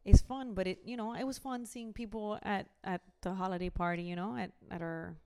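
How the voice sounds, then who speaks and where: A woman's voice: medium pitch, fairly even intonation, fairly quick, mellow, clean tone. A young woman, chatting animatedly and dropping in Spanish phrases. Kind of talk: casual chat.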